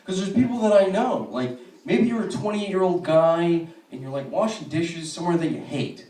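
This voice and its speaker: A man in his twenties doing a stand-up comedy set in a club, telling profane, animated stories with quick asides. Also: high-pitched, roomy sound, recorded from a distance.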